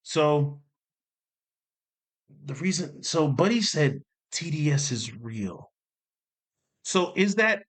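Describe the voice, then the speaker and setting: A man talking casually to camera as a commentary host, animated and repeating points for emphasis. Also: medium pitch. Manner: animated, repeats himself for emphasis, jokey asides. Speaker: commentary YouTuber.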